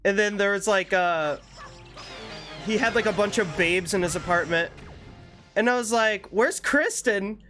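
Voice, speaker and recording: A man's voice: high-pitched, moderate pace, pauses often, sharp tone. A young man streaming a game, chatting casually with his viewers, laid-back, laughing often and swearing freely. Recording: faint music behind.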